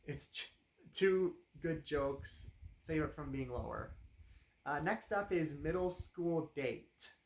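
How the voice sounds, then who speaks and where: A man talks through a movie review in a loose, rambling way, full of fillers and dry, sarcastic asides. His voice sits a touch higher than most men's. The room around him adds a noticeable echo. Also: takes it slowly, vocal fry. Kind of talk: casual spoken review. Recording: roomy echo.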